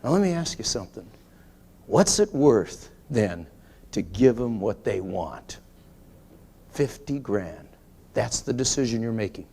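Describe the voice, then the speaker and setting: A man's voice: on the low side, sing-song, a little slow, creaky, long pauses, dark tone, husky. A man giving an emphatic, motivational business talk at a sales meeting, telling anecdotes and repeating key points. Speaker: grocery chain executive addressing a sales meeting.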